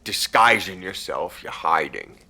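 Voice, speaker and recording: Man doing a gravelly, slow-talking brawler. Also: low-pitched, expressive, sharp tone, slight background noise, pitched below the performer's own voice, full character voice. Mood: warning. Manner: blunt, swears, slow heavy delivery. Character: gruff nervous male brawler, scared of his dad.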